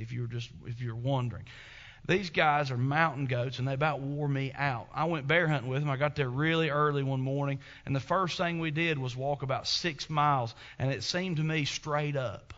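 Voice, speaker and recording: A man preaching a sermon as pastor, telling stories with emphatic swings between loud and soft. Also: medium pitch, muffled recording. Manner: emphatic, storytelling preacher with big swings in loudness.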